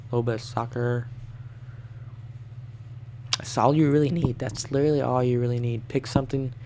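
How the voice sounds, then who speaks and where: A young man vlogging, telling a wild story in casual slang with plenty of swearing and animated bursts. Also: mid-range voice, creaky, slight background noise.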